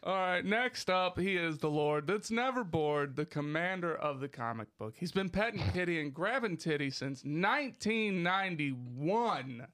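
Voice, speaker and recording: A man with a fairly high voice hosts a casual comedy podcast, joking and throwing in rhymes as he talks. His voice is wearing thin and slightly hoarse. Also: animated, fairly bright tone. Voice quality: slow-talking. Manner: playful, rhyming intros, laughs often. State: losing his voice. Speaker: podcast host.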